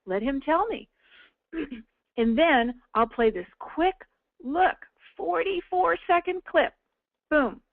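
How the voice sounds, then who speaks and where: A woman's voice: high-pitched, lively intonation, slow, gravelly, long pauses, dry recording. A woman team leader walking listeners through a business tool in a chatty, upbeat coaching manner, often checking in with "okay?". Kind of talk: casual webinar walkthrough. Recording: tinny phone-like audio.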